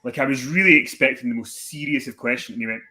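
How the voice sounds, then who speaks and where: A man in his twenties or so, chatting as a podcast guest with a bright, forceful voice. He rattles through his stories with plenty of swearing and slips into little impressions of the people in them. His voice sits at an ordinary middle pitch. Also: fast. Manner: animated, swearing, acts out the voices in his anecdotes. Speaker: podcast guest, wrestling commentator. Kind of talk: casual storytelling chat.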